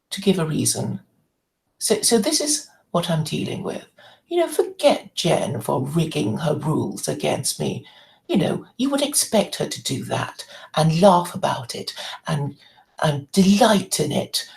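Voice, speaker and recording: A woman's voice: on the low side, gravelly, darkish tone, rough recording. A woman hosting her own channel, delivering an angry, indignant monologue full of swearing. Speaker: channel host. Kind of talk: ranting monologue to camera.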